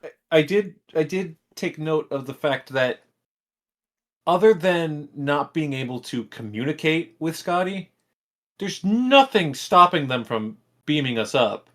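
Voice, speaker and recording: A man's voice: fairly high pitch, expressive, unhurried, fairly bright tone. A man co-hosting a casual rewatch podcast, starting sentences over and teasing his co-host while sharing fun facts.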